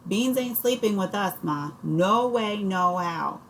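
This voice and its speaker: A woman's voice: mid-range voice, animated, slow, fairly bright tone, slight background noise, voice pushed up, rough recording. A woman voicing a sickly, stubborn boy of about ten who whines. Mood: whiny. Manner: whining.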